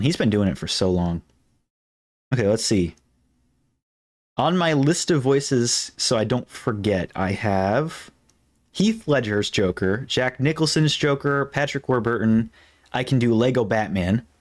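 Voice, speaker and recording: A man chatting casually on a live stream, rambling and restarting his sentences. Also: on the low side. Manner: rambling and self-interrupting, breaking off to test impressions.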